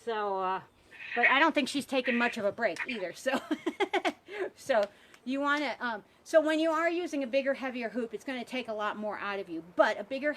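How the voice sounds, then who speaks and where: A woman's voice: fairly high pitch, fairly bright tone, a little hiss or hum. Upbeat woman teaching hula hooping. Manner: upbeat, chatty, encouraging. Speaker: hula hoop instructor. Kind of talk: live online workshop teaching. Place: outdoors by a pond.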